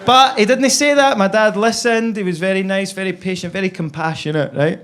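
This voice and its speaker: A man's voice: high voice, fairly even intonation, brisk, noisy background. A Scottish man doing stand-up, telling a long story chattily and tagging his lines with "right?". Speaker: stand-up comedian.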